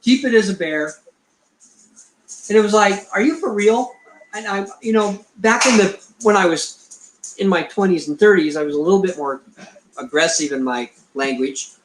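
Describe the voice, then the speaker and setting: A man's voice: sits high, normal speed, slight background noise. A middle-aged man, a researcher being interviewed, who tells a rambling story and acts out the dialogue he quotes. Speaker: Bigfoot researcher, guest. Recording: echoey room.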